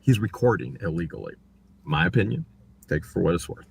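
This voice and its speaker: A man with a gravelly, breathy-edged voice talks fairly quickly on a casual livestream about his court case. He's animated, and his voice jumps sharply in pitch as he mimics what others said.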